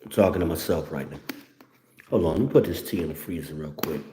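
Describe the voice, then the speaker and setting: A man's voice: very deep voice, quick pace, noisy background. A man hosting a livestream, talking bluntly and profanely to viewers at home in a preachy tone and calling for amens. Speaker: livestream host. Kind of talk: casual profane monologue to viewers. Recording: roomy echo.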